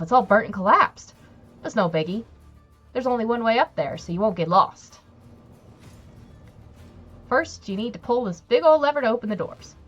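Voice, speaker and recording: A woman's voice: a little high, a bit bright, highs cut off, voice pushed up. A woman doing a chatty folksy tunnel-dweller. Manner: folksy, rambling, calls listener "your ladiness".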